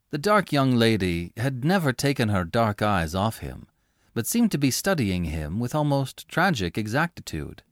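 A man reading a classic story aloud as narrator, with measured, expressive storytelling. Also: medium pitch, no echo, studio quality. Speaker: audiobook reader. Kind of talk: scripted narration.

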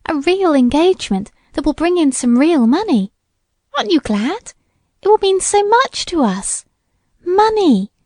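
A woman voicing a lively, teasing teenage girl in a storybook reading, bubbly and sing-song. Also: high voice, moderate pace, dry recording, studio quality. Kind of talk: audiobook character voice.

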